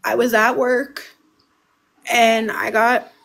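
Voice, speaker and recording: A woman speaking as a livestream guest, halting and emotional, restarting her sentences as she tells a family story. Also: a little high, level tone, gravelly, a bit bright.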